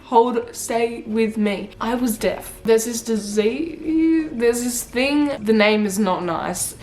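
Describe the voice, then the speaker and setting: A young woman vlogging casually, telling stories in an animated, chatty way, full of "like" and swearing. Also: on the high side, slow pace. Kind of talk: casual storytelling vlog.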